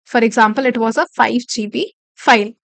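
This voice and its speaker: A woman with a high voice teaches a live online class, walking through each point step by step. She repeats key phrases and keeps checking in with "okay". The sound is close and dry, with no room around it. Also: a little fast, gravelly, fairly bright tone, dry recording. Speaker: instructor.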